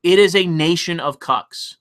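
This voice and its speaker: A man hosting a livestream, ranting profanely and excitably while reading chat donations aloud. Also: fairly high pitch, unhurried. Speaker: livestream host. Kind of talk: casual livestream rant.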